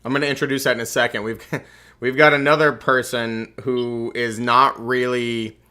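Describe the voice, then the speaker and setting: A man with a Southern US accent lectures his class in a folksy, joking way. He talks at a middling pitch, like an instructor walking students through the basics. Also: level tone, moderate pace, bright, forceful tone. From Southern United States. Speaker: real estate instructor.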